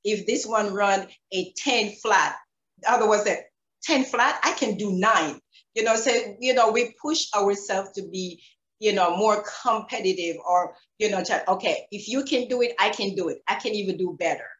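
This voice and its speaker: A woman with a Jamaican accent, a former track athlete telling stories in an interview, animated and laughing, acting out quotes. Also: medium pitch, moderate pace, roomy sound, highs cut off. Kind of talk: reflective interview storytelling.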